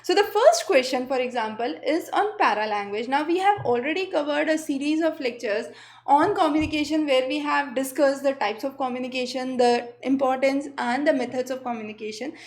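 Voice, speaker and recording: Casting note: female teacher with a high, bright voice, patient step-by-step explainer who doubles words for emphasis. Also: a little fast. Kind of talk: recorded exam-prep lecture.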